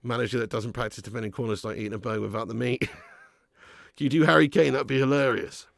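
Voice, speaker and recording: A man's voice: mid-range voice, fairly even intonation, a little fast, vocal fry, dry recording, clean studio sound. A man hosting a live football watch-along, chatting and bantering with viewers. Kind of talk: live casual match commentary and chat.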